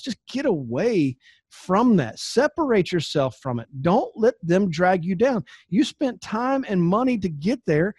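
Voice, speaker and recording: High-voiced folksy male sales trainer. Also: darkish tone, no echo, studio quality. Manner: folksy, preachy, laughs at his own asides. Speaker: network marketing trainer. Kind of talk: motivational training talk to camera.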